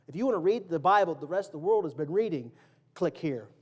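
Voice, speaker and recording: A man's voice: fairly high pitch, expressive, quick pace. A man preaching a sermon in a church, casual and joking, quizzing the congregation and acting out quotes. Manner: acts out quotes and sound effects. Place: church sanctuary.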